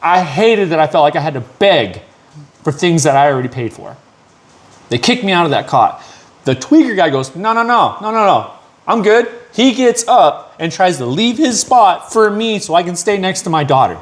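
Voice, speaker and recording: His voice is on the high side at a normal speed as the podcast host works through a long, casual story. The telling is profane and lively, with him acting out the people involved.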